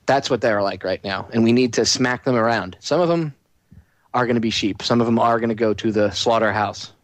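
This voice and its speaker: A man's voice: mid-range voice, fairly even intonation, a little fast, no echo. A man hosting a talk radio show, delivering a heated, sarcastic monologue.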